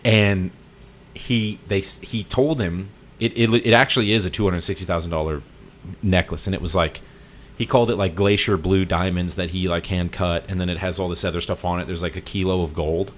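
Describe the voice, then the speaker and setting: Podcast co-host, male, very low voice, loose rambling storyteller. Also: steady tone, fairly quick, a little hiss or hum. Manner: rambling retelling with many fillers and restarts. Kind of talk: casual storytelling chat.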